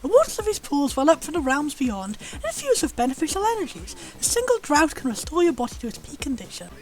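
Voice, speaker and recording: A woman's voice: high-pitched, huge pitch swings, fast, a little mellow, faint music behind. A British woman voicing a courteous, formal old male monster butler in a video game, with prim, old-fashioned wording. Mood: polite, formal.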